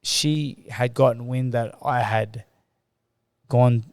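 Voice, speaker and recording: A man's voice: medium pitch, steady tone, slow, a little mellow, dry recording, studio quality. An Australian man in his thirties, a podcast guest telling a painful personal story in loose, conversational speech, often replaying past conversations as dialogue. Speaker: podcast guest, former boxer.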